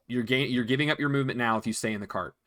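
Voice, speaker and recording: A man's voice: medium pitch, racing, fairly bright tone. Guy running a dnd session, patient, talks players thru the rules. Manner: patient, explains rules, counts out movement. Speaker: dungeon master. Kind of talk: narrating a tabletop game.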